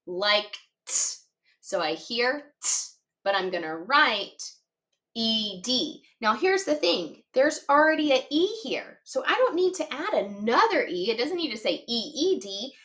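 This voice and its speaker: Cheerful phonics teacher woman, slow-spoken. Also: a little high, animated, bright, forceful tone. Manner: patient, encouraging, spells words slowly letter by letter; cheerful praise. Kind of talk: children's reading lesson.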